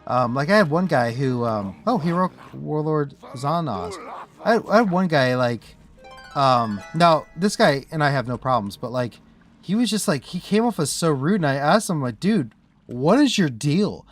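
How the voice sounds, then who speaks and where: A man's voice: medium pitch, lively intonation, normal speed, faint music behind. A man from the US Midwest streaming a game, chatting casually as he plays, rambling and breaking off mid-thought with frequent laughs. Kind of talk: casual live-stream commentary.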